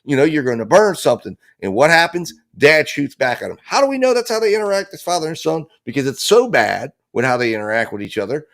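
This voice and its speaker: A man's voice: fairly high pitch, big pitch swings, fast, creaky, few pauses, fairly bright tone. Blunt, emphatic male legal commentator. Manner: emphatic and blunt, with frequent profanity and repeated phrases. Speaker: host of a true crime legal analysis show.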